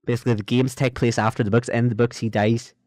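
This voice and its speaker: A young Irish man co-hosting a podcast in casual chat, joking in a deadpan way and swearing casually. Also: mid-range voice, fast, no echo, studio quality. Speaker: podcast co-host.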